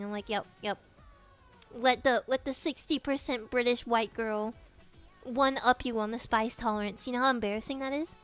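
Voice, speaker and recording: High-voiced giggly young woman streamer. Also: a bit bright. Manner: giggly and profane, reading chat questions aloud. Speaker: streamer chatting with viewers. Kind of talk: casual live-stream chat.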